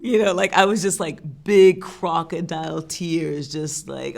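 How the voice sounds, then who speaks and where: A woman's voice: fairly low pitch, fairly even intonation, measured pace, creaky, hardly any pauses. A woman singer from France speaking in a candid interview, telling stories in an earnest, heartfelt way with frequent restarts. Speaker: singer and songwriter.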